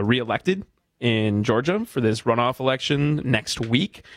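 A man's voice: medium pitch, no echo, studio quality. A man co-hosting a casual radio talk show, affable and newsy in manner. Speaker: co-host.

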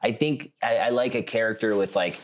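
A young man from South Dakota co-hosting a comedy podcast, rambling in a relaxed way and laughing often. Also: on the low side, fairly quick. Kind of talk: casual comedic chat.

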